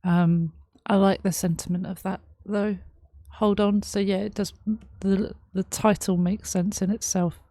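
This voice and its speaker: A woman reacting to a song, reading lyrics aloud and explaining them in a thoughtful, halting way, with many ums. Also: medium pitch, level tone, mellow, no echo, clean studio sound. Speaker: music reaction host. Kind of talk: casual reaction commentary.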